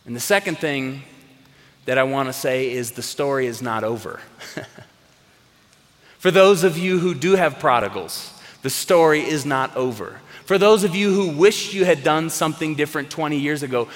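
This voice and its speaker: A man's voice: a little high, moderate pace. A man preaching a sermon to a congregation, earnest and emphatic, repeating phrases for weight. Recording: long hall reverb.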